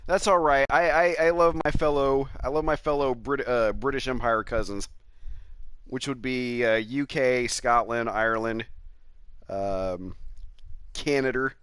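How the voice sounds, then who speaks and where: A gaming streamer with a mid-range, somewhat bright voice speaks unhurriedly with fairly even intonation, his tone clear and resonant, with no room sound. While playing a racing game he chats casually, telling meandering stories laced with swearing and chuckles.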